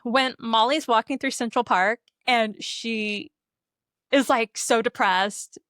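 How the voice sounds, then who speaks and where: This young podcast co-host has a slightly high, fairly bright voice and a slow pace. She chats casually and animatedly while recapping a movie, performing its characters' lines, in clean studio sound with no room sound.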